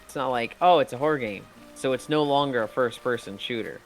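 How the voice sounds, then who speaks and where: A man's voice: mid-range voice, fairly quick, faint music behind. A man chatting casually while playing a game, telling rambling stories and acting out his friends' lines. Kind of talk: casual gaming chat.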